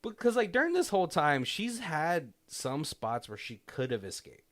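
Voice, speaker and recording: A man's voice: a little high, big pitch swings, normal speed. A man casually recapping a film on a podcast, rambling and acting out characters' lines with bursts of laughter. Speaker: podcast co-host. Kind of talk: casual movie commentary chat.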